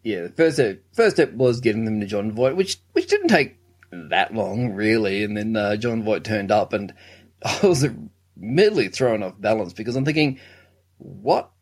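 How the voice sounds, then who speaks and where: A man's voice: fairly low pitch, sing-song, normal speed. Male co-host, mid-range voice, wry and incredulous, stammers into his points. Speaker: film review podcast co-host. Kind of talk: casual chat.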